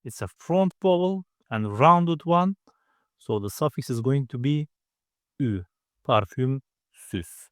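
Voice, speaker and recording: Man, language teacher, slow deliberate pace, step-by-step explanations, dry recording. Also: medium pitch, lively intonation, clean tone, no room sound. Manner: patient, explains step by step, models each vowel aloud. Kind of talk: slow spoken grammar lesson.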